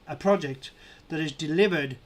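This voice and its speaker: A man hosting a live stream, excitedly counting up backer totals and cheering milestones. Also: fairly high pitch, normal speed. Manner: excitable, counting numbers aloud, shouting at milestones.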